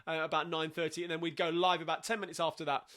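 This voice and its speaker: A man's voice: fairly high pitch, flat delivery, fast, a bit bright. A tired man hosting a casual livestream sing-along from home, chatting at a rambling pace with many ums.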